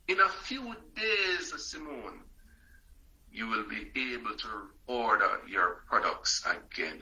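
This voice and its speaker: A man's voice: mid-range voice, sharp tone, low-quality recording. A man hosting a motivational live stream, emphatic and repetitive, calling out viewers by name.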